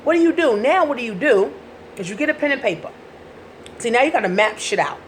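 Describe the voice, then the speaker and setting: A woman's voice: fairly high pitch, expressive, brisk, slight background noise. A woman coaching viewers in a casual advice vlog, talking bluntly and swearing freely. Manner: blunt and profane, talks straight to viewers. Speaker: life coach.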